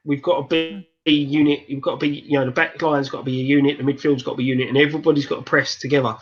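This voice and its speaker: A man's voice: fairly high pitch, flat delivery, racing, faint music behind. Man with a dull lo-fi mic, stammering. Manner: stammering restarts, earnest match analysis. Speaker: fan show pundit. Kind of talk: casual pub-style football chat.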